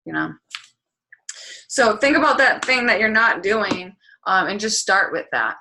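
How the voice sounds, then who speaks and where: A woman's voice: mid-range voice, lively intonation, measured pace, sharp tone, a little hiss or hum. A woman coaching a group over a video call, talking candidly and bluntly, with plenty of "like" and some swearing. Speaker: fitness and business coach hosting a group call. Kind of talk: casual motivational talk.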